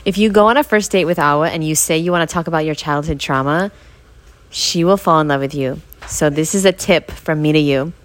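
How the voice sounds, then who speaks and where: A woman's voice: low voice, a little fast. A woman hosting a podcast in a casual chat from home, tired and upbeat, laughing often. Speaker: podcast host. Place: home living room on a couch. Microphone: podcast mic.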